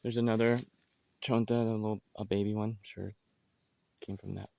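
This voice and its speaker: A man's voice: lowish voice, little pitch movement, moderate pace, creaky, dark tone, a little hiss or hum. A man giving a casual outdoor tour of his farm, talking loosely with many fillers and restarts. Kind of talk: casual walking tour narration.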